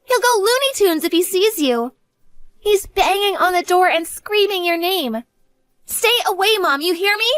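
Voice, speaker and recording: A woman's voice: extremely high pitch, animated, measured pace, a bit bright, no room sound, clean studio sound, exaggerated voice. A woman doing an earnest college-age daughter. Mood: frightened. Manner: earnest, pleading.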